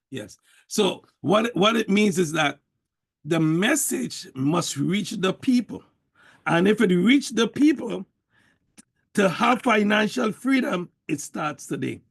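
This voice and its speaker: A man's voice: high voice, expressive, a little slow, creaky, husky. A man giving a motivational network marketing talk, preachy and emphatic, repeating his points over and over.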